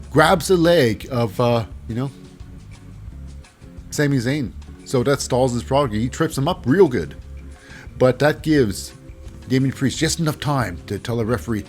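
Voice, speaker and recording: A man giving a casual wrestling recap, animated, with hesitant fillers and silly voices. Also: medium pitch, normal speed, soft background music.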